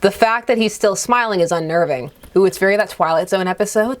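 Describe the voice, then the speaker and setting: A woman's voice: mid-range voice, fast, hardly any pauses. A woman playing through a game, reading its text aloud and joking about it. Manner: expressive, jokey reactions. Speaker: game playthrough host.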